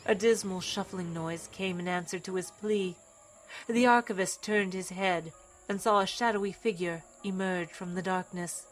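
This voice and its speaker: A woman's voice: mid-range voice, steady tone, normal speed, soft background music. A woman narrating a story in a dramatic, scripted reading style.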